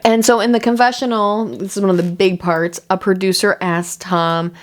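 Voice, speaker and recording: A woman's voice: on the high side, brisk, few pauses. A woman recapping a reality show in a loose, chatty way, full of "like". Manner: chatty, loose, heavy use of "like". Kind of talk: casual recap chat.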